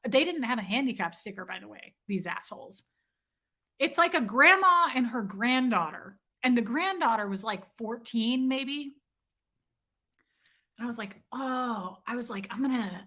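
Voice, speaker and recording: A middle-aged woman hosting her channel, telling a story to viewers in a loud, self-mocking way, swearing freely and acting out her own yelling. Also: a little high. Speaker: channel host. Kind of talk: casual storytelling chat to viewers.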